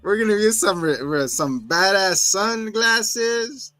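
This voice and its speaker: A swaggering Chicano gang member with a high voice, sounding tough and laying on the slang, as a man puts him on. His delivery is close and dry. He teases a new recruit, all bravado. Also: measured pace, pushed and bright, no echo, faint music behind. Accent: put-on Mexican-American.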